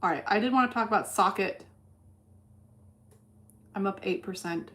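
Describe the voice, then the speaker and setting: A woman's voice: medium pitch, moderate pace, fairly bright tone. A woman streaming her day trading in casual chat, blunt and cursing freely as she thinks aloud. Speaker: livestreamer trading stocks.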